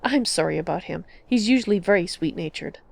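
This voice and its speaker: A woman's voice: fairly low pitch, expressive, fairly quick, vocal fry. A woman voicing a shy but fiery teenage girl who speaks earnestly. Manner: gentle, earnest.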